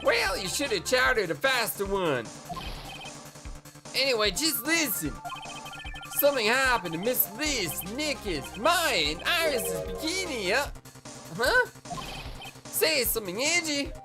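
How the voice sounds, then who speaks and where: A woman voicing an excitable, panicky young man who stammers and shouts his lines. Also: a little high, slow pace, pauses often. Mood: pushy. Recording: game music playing underneath.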